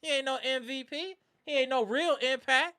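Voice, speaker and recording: Streamer talking trash about the other team, bright crisp voice, lotta slang. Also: high-pitched, normal speed. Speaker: live sports reaction streamer. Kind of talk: casual sports reaction rant.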